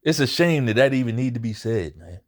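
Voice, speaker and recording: On his own boxing commentary channel, a man offers a casual recap of a fight, his medium-pitched voice animated and fairly quick. He speaks plainly, swears often, and keeps repeating points for emphasis.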